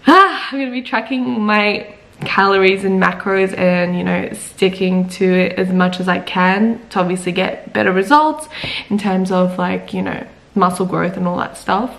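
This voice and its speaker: A woman's voice: medium pitch, moderate pace, vocal fry, a bit bright. A young woman, chatting casually to camera in a vlog, giggly and full of "like" and "literally". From Australia. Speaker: vlogger.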